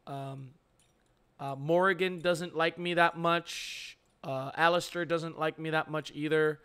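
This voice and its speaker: A young man hosting a live stream, chatting casually with viewers on a headset mic, halting with many fillers and restarts. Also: a little high, steady tone, fairly bright tone, clean tone. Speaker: streamer host.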